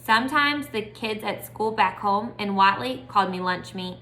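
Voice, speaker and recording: A woman's voice: mid-range voice, moderate pace, bright, forceful tone, slight background noise. A woman reading aloud and voicing a bold, spirited ten-year-old girl. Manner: hollering, spirited.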